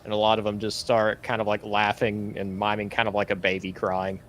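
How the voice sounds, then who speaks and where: A man running a tabletop game as game master, narrating in a relaxed, rambling way with many fillers. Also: lowish voice, a little fast, slight background noise.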